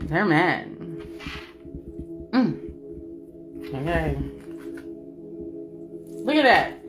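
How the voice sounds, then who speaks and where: A woman giving a spiritual reading in an emphatic, repetitive way, swinging between loud and soft. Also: lowish voice, sing-song, very slow. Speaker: spiritual reader. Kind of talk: spiritual channeling monologue. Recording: music playing behind.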